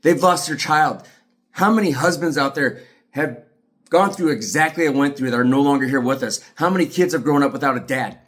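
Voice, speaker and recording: Brief: middle-aged man, emphatic and angry, swearing often, mid-pitched voice, speaking straight to the viewer. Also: fairly quick. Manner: profane, agitated, emphatic. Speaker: aggrieved father telling his story. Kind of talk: angry monologue to camera.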